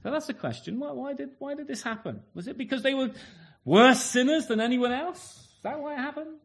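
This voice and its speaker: A man's voice: very high-pitched, animated, brisk, vocal fry. A man preaching a sermon in an earnest way, often asking his listeners rhetorical tag questions and repeating words as he restarts.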